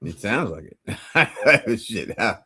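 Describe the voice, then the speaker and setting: A man's voice: on the low side, sing-song, takes it slowly, over loud music. A man co-hosting a livestream, musing casually about a show. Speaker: co-host. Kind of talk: casual chat.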